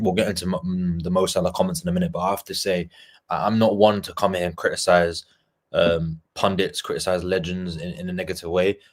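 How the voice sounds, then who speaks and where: A man, a fan panelist on a podcast, speaking bluntly and angrily with swearing. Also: low voice. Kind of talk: heated podcast rant.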